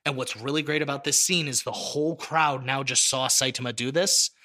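Casual podcast talker, very bright and lively, acts out scenes as he narrates. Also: mid-range voice, a little fast. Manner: animated storytelling, acts out scenes. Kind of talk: casual chat.

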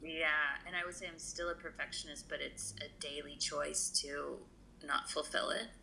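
A woman's voice: low-pitched, steady tone, moderate pace, vocal fry, pushed and bright, a little hiss or hum, rough recording. A woman guest on a podcast, talking earnestly and emotionally, with lots of fillers and restarts. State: tearful. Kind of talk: conversational interview.

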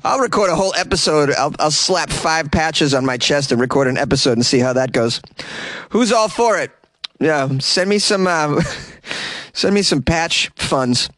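Man, comedy news host, sarcastic, animated pitch, dry close sound. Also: moderate pace, dry recording. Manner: sarcastic, laughs often, mock-outraged asides. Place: small closet.

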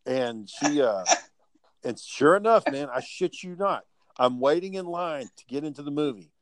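A man telling work stories in casual chat, animated and profane, acting out the people he quotes. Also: on the high side, normal speed.

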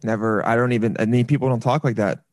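A man's voice: mid-range voice, fairly even intonation, fast talker, darkish tone, no echo, studio quality. A man hosting a podcast, chatting casually over a video call, joking and trailing off into restarts. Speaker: podcast host. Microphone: headphones on a video call.

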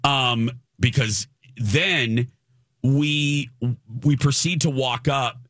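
A man's voice: mid-range voice, extremely slow, dry recording, studio quality. A man hosting a podcast, telling a story in a casual, emphatic and indignant way. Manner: animated, emphatic, indignant retelling.

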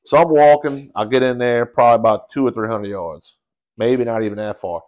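A man telling a story in casual podcast chat, animated and slangy, calling people bro and dude. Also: mid-range voice, a little fast, lo-fi sound.

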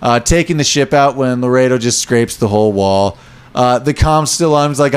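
A man's voice: medium pitch, normal speed, clear, resonant tone. A man co-hosting a casual podcast about a movie, quoting lines from it. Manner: animated, quotes lines in put-on voices. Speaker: podcast co-host.

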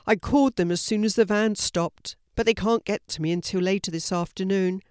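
A woman's voice: mid-range voice, a little fast, a little mellow, clear, resonant tone, no room sound, clean studio sound, close to an everyday voice. A woman voicing a friendly, slightly flustered village postman in a storybook reading. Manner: friendly, puzzled, grateful. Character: kindly village postman, grown man, a bit flustered.

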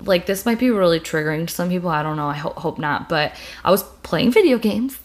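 A woman's voice: on the low side, expressive, a little fast. A young woman hosting a casual chat about making videos, talking candidly and rambling with plenty of fillers and restarts. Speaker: video creator and podcast host.

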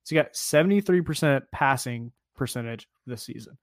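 A man co-hosting a sports podcast in a relaxed, casual way, with many fillers as he talks. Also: mid-range voice, fairly quick, no room sound, clean studio sound. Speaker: podcast co-host.

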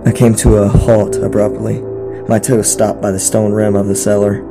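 A man narrates a first-person horror tale in a low, gravelly voice. His telling is measured, with occasional stumbles, and music plays underneath. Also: level tone.

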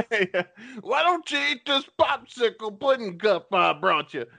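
A creepy older man coaxes and wheedles in a raised, sing-song voice, put on by a man doing an impression. His tone stays sweet and pushy. The pitch swings far up and down. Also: sing-song, a little slow, vocal fry, sharp tone, heavily acted. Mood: creepy coaxing. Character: creepy older man pushing a pudding cup.

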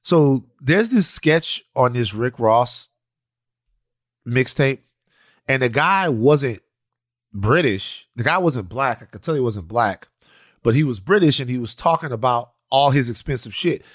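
A man co-hosting a podcast in casual chat, animated and prone to restarting and repeating his phrases. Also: medium pitch, measured pace, no echo, studio quality. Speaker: podcast co-host.

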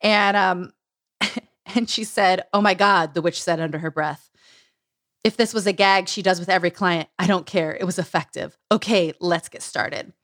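A woman's voice: lowish voice, moderate pace, a bit bright, dry recording, clean studio sound. A woman co-hosting a podcast, recapping a memoir in a chatty way with lots of "like" and frequent laughs. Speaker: podcast co-host. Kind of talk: casual book chat.

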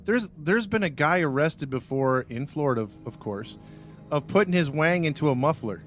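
A man's voice: a little high, animated, moderate pace, faint music behind. A man hosting a podcast in casual chat, telling a story with jokes and laughs. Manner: jokey storyteller, laughs often. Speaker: podcast host.

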